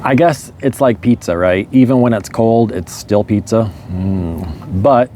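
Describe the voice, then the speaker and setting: A man's voice: lowish voice, unhurried, a little hiss or hum. Laid-back man rambling through a story. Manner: relaxed, rambling, chuckles often. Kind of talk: casual storytelling monologue.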